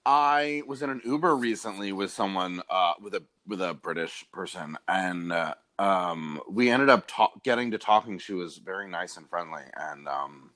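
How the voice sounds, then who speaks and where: A man co-hosting a casual chat who tells animated stories and laughs often. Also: deep voice, normal speed, few pauses. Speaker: podcast co-host. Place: lives in Los Angeles.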